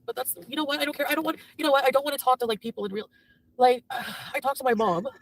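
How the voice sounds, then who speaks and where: A woman on a live stream, venting angrily and profanely about being cheated on, swinging between yelling and hushed, broken-down talk. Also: sits high, fast talker, slight background noise, rough recording. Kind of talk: emotional live-stream rant.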